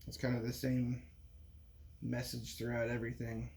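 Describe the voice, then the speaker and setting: A man's voice: mid-range voice, monotone, moderate pace, gravelly, a little mellow. A man in a rambling monologue, talking with frequent restarts and profanity. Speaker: vlogger.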